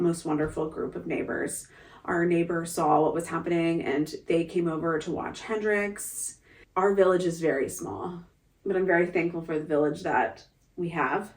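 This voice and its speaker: A young woman tells a personal story straight to the camera, her voice sitting a little low and heard from slightly back from the microphone. She talks in an emotional, casual way, leaning on filler words and restarting her sentences. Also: recorded from a distance. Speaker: mom telling a family story.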